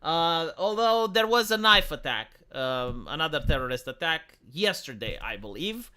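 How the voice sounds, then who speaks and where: Male live streamer, higher pitch, rambling and sarcastic, fillers everywhere. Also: sing-song, moderate pace, bright, forceful tone, clear, resonant tone. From Romania. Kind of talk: casual political commentary.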